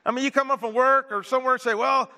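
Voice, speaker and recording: A high, bright-toned man preaches a sermon in a conversational style with joking asides. His voice rings through a church hall with a long reverb. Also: fairly even intonation, racing. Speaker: pastor.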